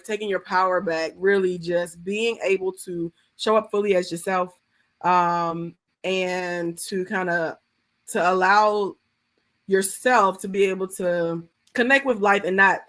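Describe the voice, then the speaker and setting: A woman's voice: mid-range voice, steady tone, a little slow, a bit bright. A woman hosts a live video chat in a loose, casual way. She rambles a little and fills her sentences with "like" and "kinda" as she frames the topic for her guest. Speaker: host. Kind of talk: live-stream conversation. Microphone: video call.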